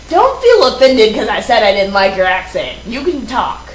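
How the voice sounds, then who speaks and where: A woman's voice: a little high, very animated, moderate pace, hardly any pauses, roomy sound, a little hiss or hum, low-quality recording. A woman hosting a live morning show, brash and teasing, acting tough. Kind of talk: casual live-show banter. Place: hotel studio.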